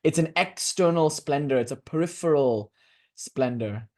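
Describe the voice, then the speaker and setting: A man in his twenties giving a casual, joking lecture on devotional philosophy to a class, lively and prone to laughing digressions. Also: a little high, moderate pace. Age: 20s.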